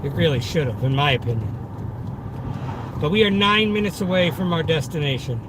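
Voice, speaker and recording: A man's voice: a little high, expressive, brisk. A man with a Boston accent, a delivery driver chatting live with viewers from inside his car. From Massachusetts. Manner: chatty, talks to viewers in chat, upbeat and boastful. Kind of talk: casual live-stream chat while driving. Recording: noisy car interior. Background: car and road noise.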